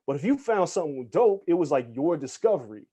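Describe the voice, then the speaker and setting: A man guesting on a podcast interview, telling stories in an animated, casual way, acting out the people he quotes and swearing freely. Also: on the high side, a little fast, breathy edge. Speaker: guest, hip hop journalist.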